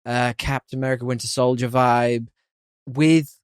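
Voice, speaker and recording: Animated man reviewing a film. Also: medium pitch, moderate pace, smooth, dry recording, studio quality. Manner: animated, opinionated, laughs often. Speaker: podcast host. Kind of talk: casual film review chat.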